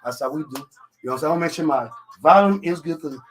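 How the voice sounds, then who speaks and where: A man's voice: a little high, very fast. A man from Africa with a French accent, hosting a live radio talk show in a studio and chatting casually, with filler phrases in nearly every line. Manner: rambling, constant "you know what I'm saying" fillers; confident, jokey. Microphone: studio microphone.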